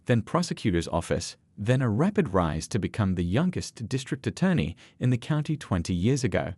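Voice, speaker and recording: Man narrating with lively pitch. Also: husky, no echo. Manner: dramatic storytelling. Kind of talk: scripted story narration.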